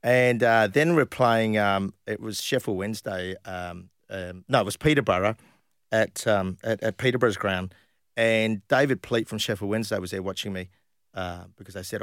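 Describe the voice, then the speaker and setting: Man, middle-aged, gravelly, dry close sound, chatty storyteller. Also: on the low side, normal speed, dry recording. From Western Australia. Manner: animated anecdotes with frequent laughs and fillers. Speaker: guest, former footballer. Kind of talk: casual storytelling interview.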